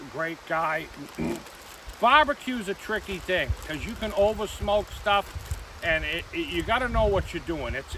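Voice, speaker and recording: A man hosting a casual outdoor vlog on a riverbank, chatty and rambling. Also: fairly high pitch. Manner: chatty, rambling, self-correcting. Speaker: vlog host. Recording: distant outdoor mic with stream noise. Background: flowing stream and passing traffic.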